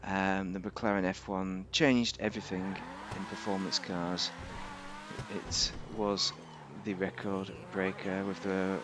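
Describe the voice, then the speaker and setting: A man's voice: low voice, little pitch movement, takes it slowly, background noise. A man giving rambling, casual commentary on a game, thinking aloud with fillers and restarts. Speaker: game reviewer.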